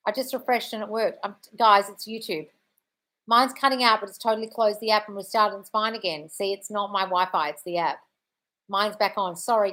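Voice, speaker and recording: A manifestation coach runs a live Q&A, reading chat questions from viewers and answering bluntly, with free swearing and lots of "darling." Her voice is mid-range with a sharp tone.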